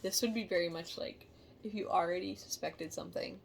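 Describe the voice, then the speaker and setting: Low, gravelly woman reading tarot. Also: a little hiss or hum. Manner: halting, emotional, sighing and musing aloud. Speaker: tarot reader. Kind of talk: casual tarot reading to camera.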